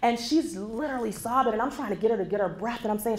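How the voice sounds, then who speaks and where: Woman in her forties, motivational keynote, animated storyteller, a bit high-pitched, roomy live-hall sound. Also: fast, few pauses. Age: 40s. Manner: animated storytelling, addresses the audience directly. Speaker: keynote speaker. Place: conference hall before a live audience. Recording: echoey hall with faint background noise.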